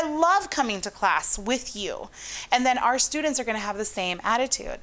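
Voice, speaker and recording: A woman's voice: fairly high pitch, animated, normal speed, a bit bright. A woman from Honduras, a psychologist guest speaking expressively in an interview with emphatic, varied intonation. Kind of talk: interview conversation.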